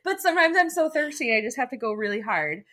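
A young woman co-hosting a podcast, telling stories in an animated way and laughing often. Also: high-pitched, fast, very noisy. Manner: animated storytelling, frequent laughter. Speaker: podcast co-host. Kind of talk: casual chat.

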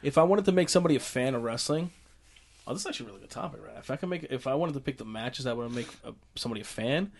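A man co-hosting a casual chat, eager and agreeable, quick to check facts. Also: mid-range voice, expressive, creaky, a little hiss or hum. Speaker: podcast co-host.

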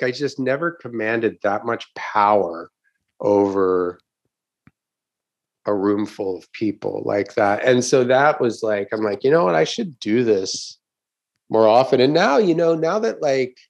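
A man's voice: medium pitch, lively intonation, a little slow, vocal fry, dull audio. A middle-aged man, a stand-up comedian, telling a story in casual chat, swearing often and acting out the crowd's reactions.

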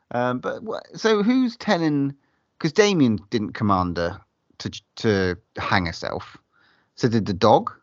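A man's voice: on the low side, big pitch swings, a little slow, no echo, dull audio. A man chatting on a film podcast, hesitant with many fillers and some swearing. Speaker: podcast co-host. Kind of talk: casual film podcast chat.

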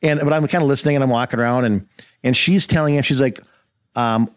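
A man chatting quickly and loosely on a talk show, jumping into the voices of the people in his story. His voice sits at an ordinary middle pitch. The recording is dry and close. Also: dry recording. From rural Minnesota. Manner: animated storyteller acting out quotes. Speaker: guest host. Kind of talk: casual storytelling chat.

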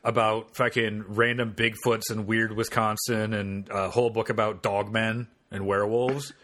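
A man's voice: lowish voice, level tone, moderate pace, fairly bright tone. A man hosting a comedy podcast, telling a story in casual banter with profane, wry asides.

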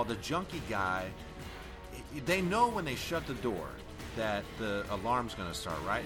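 A man in casual podcast chat about a film, animated and profane, often laughing. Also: medium pitch. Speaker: podcast co-host. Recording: music playing underneath.

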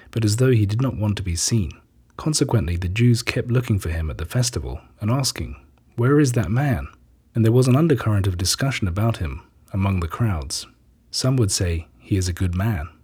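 A man giving a steady scripted scripture reading in a husky voice. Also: fairly low pitch. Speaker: reader.

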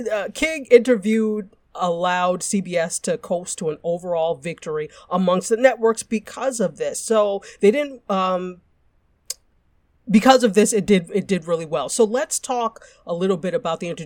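A woman from Nigeria co-hosting a relaxed pop culture conversation. She is animated and laughs easily. The sound is close and dry, with no room around her. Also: medium pitch, no room sound. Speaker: podcast co-host. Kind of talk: casual chat.

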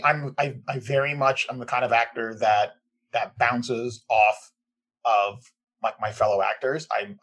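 A man's voice: mid-range voice, a bit bright. A man who voices a role in an audio drama, talking casually and hesitantly about his craft with many fillers. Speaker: voice actor. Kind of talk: casual behind-the-scenes chat.

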